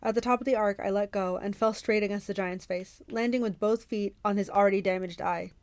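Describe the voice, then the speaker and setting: A woman reading a novel aloud for a book club, in steady first-person narration. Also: mid-range voice, fairly quick, no echo.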